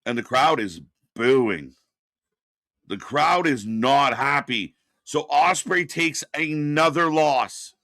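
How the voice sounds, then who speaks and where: A man hosting a live wrestling watch-party stream, ranting with exasperation and profanity, then answering chat messages more calmly. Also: medium pitch, takes it slowly, no room sound, studio quality. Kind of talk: live reaction commentary, reading chat.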